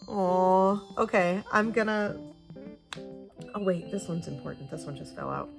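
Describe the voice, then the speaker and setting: A young woman giving a casual, chatty tarot reading to camera, gushing and talking with lively swings in pitch. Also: unhurried, vocal fry. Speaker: tarot reader. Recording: soft guitar music behind.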